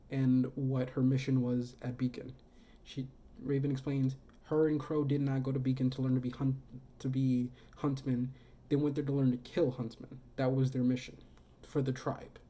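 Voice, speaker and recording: A woman's voice: a bass voice, mellow. A woman casually retelling story scenes in a video essay, rambling and correcting herself as she goes. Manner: rambling, many fillers and self-corrections.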